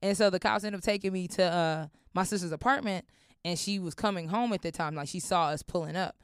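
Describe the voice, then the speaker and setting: A woman comedian spins a story with lots of energy, swearing freely as she goes. Her voice comes through smooth and clear, and the studio room sounds dry. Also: on the low side, a little fast, dry recording. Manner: animated, acts out voices in quotes, swears freely. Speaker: comedian guest. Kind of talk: comic storytelling in an interview. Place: recording studio.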